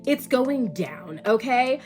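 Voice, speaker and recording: A woman's voice: fairly high pitch, very animated, takes it slowly, darkish tone, faint music behind. A woman with a stuffy, nasal voice from allergies, chatting casually and playfully to her viewers about her book collection, with the odd swear word. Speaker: book vlogger. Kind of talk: casual chat to camera.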